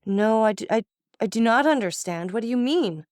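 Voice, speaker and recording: A woman's voice: mid-range voice, animated, measured pace, no room sound, studio quality, natural voice. A woman voicing a terrified, cornered wife who stammers and pleads.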